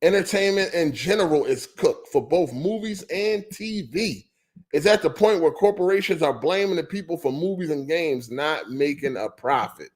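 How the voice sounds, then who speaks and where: A man's voice: a little high, lively intonation, moderate pace, a little mellow. A man hosting a gaming podcast livestream, talking on a headset in a loose, profane rant and repeating his points. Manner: profane, ranting, repeats himself. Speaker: podcast host. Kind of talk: casual livestream chat.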